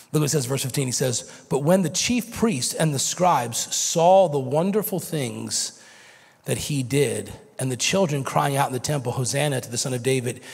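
An American pastor in his forties preaching a sermon, swinging from shouted intensity to a hushed near-whisper. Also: medium pitch, creaky, slightly rough. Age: 40s. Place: church sanctuary. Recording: reverberant church sanctuary.

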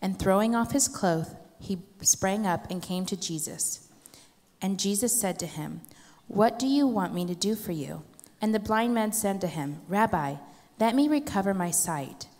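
Woman reading scripture in a church hall. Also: medium pitch. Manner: steady, measured reading. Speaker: scripture reader. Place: church sanctuary. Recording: long church hall reverb.

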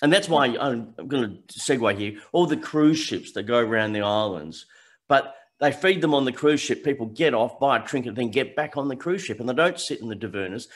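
A man's voice: mid-range voice, expressive, fairly quick. A man hosting an interview, chatting casually and repeating words as he thinks aloud. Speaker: podcast host interviewer.

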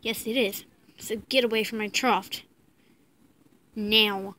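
A woman's voice: mid-range voice, steady tone, takes it slowly, bright, forceful tone, slight background noise. Woman voicing a grumpy, bossy toy stallion. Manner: bossy, snapping orders. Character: grumpy territorial male stallion horse. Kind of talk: toy horse play-acting.

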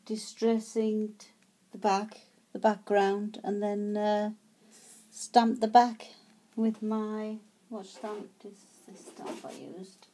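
A woman talks through her handmade craft tags in a casual, chatty way. She speaks slowly with a warm, mellow tone, often stumbling over words and restarting. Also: medium pitch, little pitch movement, a little hiss or hum. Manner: chatty, hesitant, many fillers and restarts. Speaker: craft vlogger. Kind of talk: casual show-and-tell.

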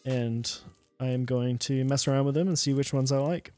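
Easygoing co-host, casual chat, mid pitch. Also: fairly even intonation, moderate pace, darkish tone, faint music behind.

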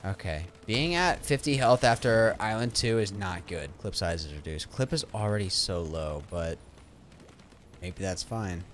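A young man giving casual, chatty gameplay commentary, swinging between loud hype and quiet muttering. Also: low voice, animated, measured pace, slight background noise. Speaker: gaming YouTuber.

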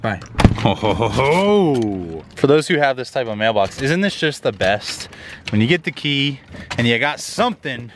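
A man's voice: fairly high pitch, a bit bright, slight background noise. A young man vlogging casually and slipping into playful baby talk with his dog. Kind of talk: casual vlog chat.

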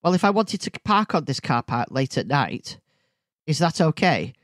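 Blunt, questioning stranger , as a man puts him on, a bit high, lively. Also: moderate pace, dry recording, studio quality. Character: puzzled stranger man in a car park.

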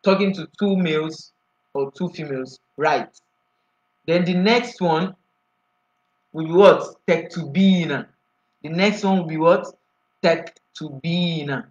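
A man gives a grammar lesson in a slightly higher voice, walking through each rule in order and pausing to ask his students for the next answer. The recording is muffled and lo-fi. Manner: explains step by step, often asks the class "what?". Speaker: Arabic grammar teacher. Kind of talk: classroom lecture.

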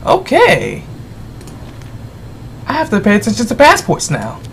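A gamer giving rambling, exasperated commentary while playing, yelling at the game's characters. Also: mid-range voice, wildly swooping pitch, measured pace, vocal fry, a little hiss or hum. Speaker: let's play gamer. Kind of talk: gameplay commentary.

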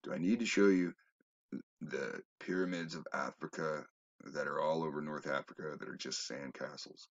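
A man talking in a rambling, casual monologue that drops to low mutters and jumps to loud exclamations. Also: fairly even intonation, normal speed, slightly rough, muffled recording. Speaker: video commentator.

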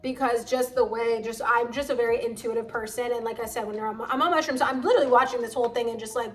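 A woman's voice: on the high side, fast. A woman wellness vlogger telling a personal story in a casual, chatty way, full of "like" fillers. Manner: chatty, frequent "like" fillers, animated retelling.

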